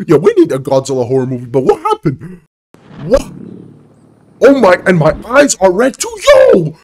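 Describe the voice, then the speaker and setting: A man hosting a reaction video, exclaiming and laughing often as he comments excitedly. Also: sits high, normal speed.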